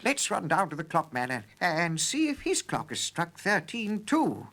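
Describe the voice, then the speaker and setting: A man's voice: high voice, moderate pace, pitched above the performer's own voice, full character voice. A man voicing an absent-minded old male professor who stammers and gets flustered. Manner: stammering, excitable.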